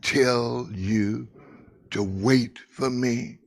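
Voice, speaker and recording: An older man quoting his worried mother as she softly scolds her sons. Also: mid-range voice, steady tone, very slow, gravelly, full character voice. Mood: gentle scolding.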